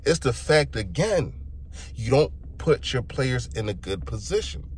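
A man's voice: mid-range voice, sing-song, unhurried, slight background noise. A young man delivers a frustrated sports opinion rant and talks straight to his listeners. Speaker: sports fan vlogger.

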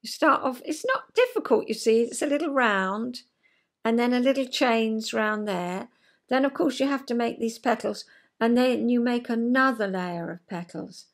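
An English woman in her sixties with a Southern English accent talks to camera from home in a chatty, rambling way. She fills her talk with asides and little fillers, and her voice sits a touch higher than most women's. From South East England. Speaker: vlog host. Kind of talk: chatty solo vlog. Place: at home, indoors.

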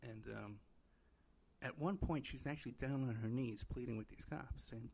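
A man's voice: mid-range voice, normal speed, a little mellow, breathy edge. A middle-aged man hosting a podcast, telling a rambling story in casual chat, full of "you know" fillers and acting out quoted voices. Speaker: podcast host.

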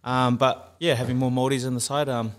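A man in his early twenties chats as a guest athlete, soft-spoken and unhurried. He hesitates often and fills pauses with "um" and "so". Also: medium pitch, flat delivery. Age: 20s. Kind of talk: casual chat.

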